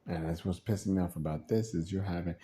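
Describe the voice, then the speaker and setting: A man with a low voice talks fast over a faint hiss or hum, venting in a rambling, frustrated casual monologue. He's animated, laughs often, and acts out the voices of the people he quotes.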